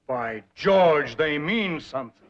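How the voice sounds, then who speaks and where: An actor playing a pompous banker who talks in a theatrical, effusive way. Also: male voice, on the high side, animated, slow pace. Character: pompous, gushing older male banker. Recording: dull old TV audio with loud hiss.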